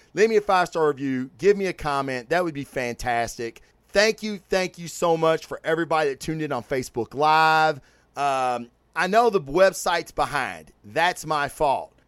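Man, podcast host, profane and rambling, smooth clear voice, slightly high. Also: dry recording. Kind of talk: casual comic review podcast.

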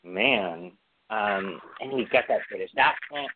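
A man's voice: on the low side, animated, slow, noisy background. A man co-hosting a podcast in casual chat, gushing and chatty with lots of fillers. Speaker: podcast co-host. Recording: dry, phone-like sound.

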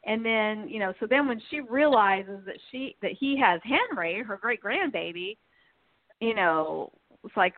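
A woman host chats her way through a rambling recap, full of fillers and restarts. Her voice sits at a middle pitch. It comes through a dry, thin phone line with no room sound. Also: lively intonation, moderate pace, no echo. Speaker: podcast host. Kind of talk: casual soap opera recap chat.

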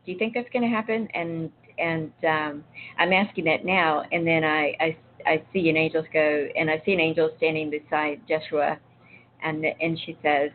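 A woman talking casually about faith as an intuitive reader, telling rambling, chatty stories full of asides. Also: low voice. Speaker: intuitive reader and spiritual speaker. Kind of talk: casual spiritual talk to viewers. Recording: tinny phone-like sound with faint noise.

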